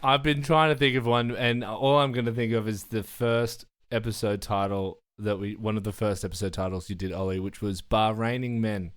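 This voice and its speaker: A young man taking part in a casual podcast quiz, relaxed and swearing as he fumbles for answers. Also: fairly low pitch, moderate pace, hardly any pauses, clean tone. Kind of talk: casual quiz banter among friends.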